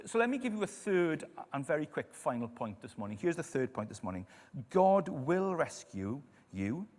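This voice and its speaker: A man preaching a sermon in a church, telling stories and dropping to quiet emphasis on key lines. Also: mid-range voice. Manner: storytelling, lively, drops to quiet emphasis. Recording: echoey church hall.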